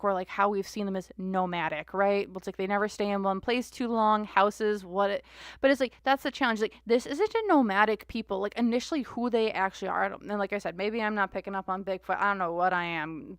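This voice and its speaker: A woman's voice: mid-range voice, dry recording, clean studio sound. Rambling woman reading tarot cards. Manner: musing, rambling, many restarts and "like". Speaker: tarot reader. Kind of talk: live-stream tarot reading.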